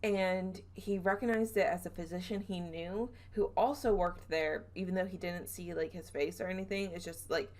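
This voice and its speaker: A young woman from the southern United States hosts a casual podcast, retelling a spooky story. She sits a little lower in pitch than most women. She giggles and restarts her sentences as she goes. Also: fairly even intonation, moderate pace, hardly any pauses, darkish tone. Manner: chatty, giggly, trails off and self-corrects. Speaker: podcast host.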